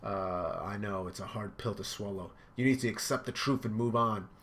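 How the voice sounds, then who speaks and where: A man's voice: on the low side, moderate pace, a bit bright, slight background noise. A man reading out the lines of a cold, arrogant young male pirate cook in a scornful tone. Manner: haughty, scornful.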